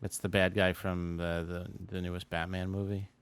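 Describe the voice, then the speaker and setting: Brief: low-voiced male co-host, smooth and resonant, relaxed with fillers. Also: normal speed, dry recording. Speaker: podcast co-host reading listener questions. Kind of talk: casual chat.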